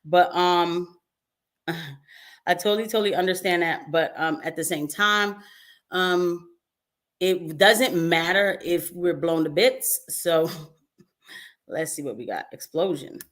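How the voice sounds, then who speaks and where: A young adult woman hosts a casual livestream in a slightly lower voice. She talks in a chatty, animated way, laughs often and breaks off to address her viewers. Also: slow, long pauses. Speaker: livestream host. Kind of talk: casual political commentary livestream.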